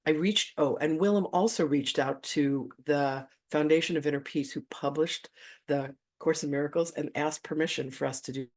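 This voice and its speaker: The effusive host of an online spiritual gathering tells a story loosely and conversationally, gushing, chuckling often, and casually letting the odd swear word slip. The voice is mid-range, at normal speed.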